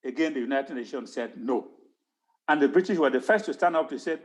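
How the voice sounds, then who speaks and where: A man's voice: mid-range voice, expressive, a little fast. A man giving an impassioned talk on history at an online town hall, stressing points by repeating words. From Cameroon.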